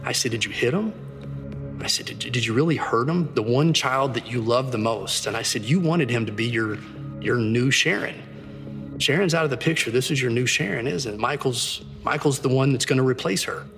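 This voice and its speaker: Man, detective, documentary interview, earnest, quickening pace, reverberant, music underneath. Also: mid-range voice, vocal fry.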